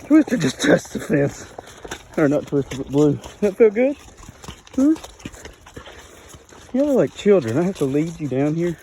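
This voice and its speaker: A man's voice: a little high, sing-song, measured pace, long pauses, dark tone. Man filming farm chores outdoors. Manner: chatty, talks to and calls his animals. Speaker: farm vlogger. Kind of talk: casual farm chores narration. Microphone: phone held in one hand. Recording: outdoor phone audio with noise.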